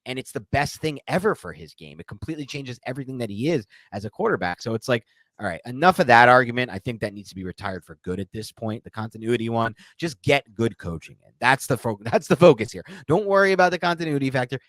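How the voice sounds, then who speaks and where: A young man co-hosting a casual sports podcast, analyzing game film in an animated way and slipping into mock voices. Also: mid-range voice, quick pace, no room sound. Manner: animated, mimics voices in quotes. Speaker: podcast co-host.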